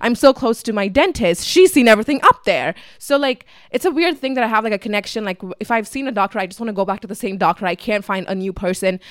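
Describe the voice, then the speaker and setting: A woman's voice: mid-range voice, fast, few pauses, dry recording, studio quality. A young woman telling a casual storytime vlog, chatty and swearing freely with lots of fillers. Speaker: vlogger.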